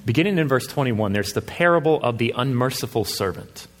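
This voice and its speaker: A man's voice: mid-range voice, animated, brisk, long reverb tail. A man preaching a sermon as a pastor, reasoning earnestly with his congregation and pressing his points with rising emphasis.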